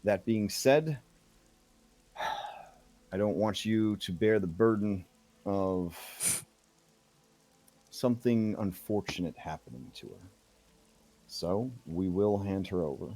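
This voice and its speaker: A man voicing a stern older male official who sighs and speaks in a measured, persuasive way. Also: on the low side, dark tone. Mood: grave.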